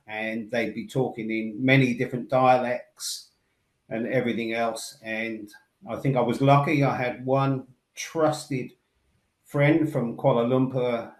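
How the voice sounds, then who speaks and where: Man, Somerset accent, webinar presenter, relaxed and rambling, roomy echo. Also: mid-range voice. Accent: English West Country (Somerset). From England. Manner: relaxed, rambling, with fillers and restarts. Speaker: building technologies manager presenting a webinar.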